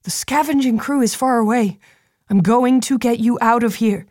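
A determined young soldier on a battlefield, talking low and urgently to his hurt brother, as a woman narrating puts him on. The voice sits a little above the reader's own, dry and close. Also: moderate pace, no room sound, natural voice. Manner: urgent, hushed. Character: young male soldier Thalen, determined under strain. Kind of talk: audiobook character voice.

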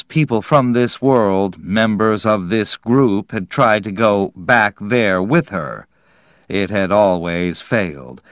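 A man narrating an audiobook in a measured, deliberate way. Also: lowish voice, no room sound, studio quality.

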